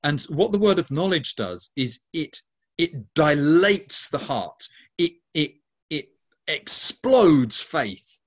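A man's voice: fairly high pitch, big pitch swings, slow. Earnest man describing his ministry. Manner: earnest, repetitive restarts, emphatic lists of words. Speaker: ministry leader. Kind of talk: interview answer.

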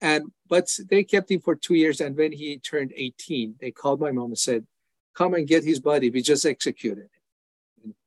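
An older man tells his testimony in an interview, earnest and heartfelt. His voice sits fairly high for a man. The sound is close and dry. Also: moderate pace, no echo. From Iran. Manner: earnest, acts out prayers and voices in dialogue. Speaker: evangelist guest.

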